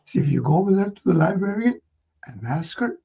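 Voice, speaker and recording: A man's voice: high-pitched, big pitch swings, a little fast, warm tone, husky, voice pushed up, heavily acted. A man voicing a kindly, patient older Santa who reassures and explains. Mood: reassuring. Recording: dull lo-fi recording.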